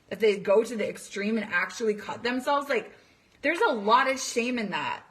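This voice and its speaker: A woman's voice: on the high side, fairly bright tone, poor audio. A woman coach talking straight to parents, emphatic and repetitive, firing off rhetorical questions. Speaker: coach for teen girls. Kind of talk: direct-to-camera talk to parents.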